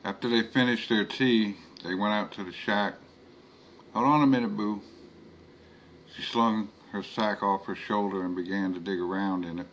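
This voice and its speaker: A man narrating a horror story in a slow, measured reading. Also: fairly low pitch, steady tone, fairly bright tone, slight background noise.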